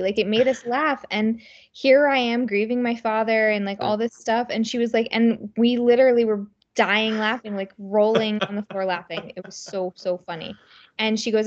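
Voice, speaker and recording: A woman's voice: on the high side, normal speed, muffled recording. A woman co-hosting a podcast in casual chat, telling stories with lots of fillers. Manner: chatty storyteller, many fillers. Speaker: podcast co-host.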